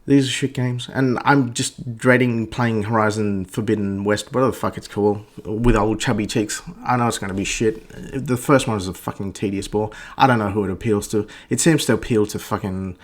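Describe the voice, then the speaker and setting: A man's voice: on the low side, steady tone, brisk, hardly any pauses. A man ranting through a blunt, profane game review monologue, stammering and restarting his sentences. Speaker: gaming vlogger.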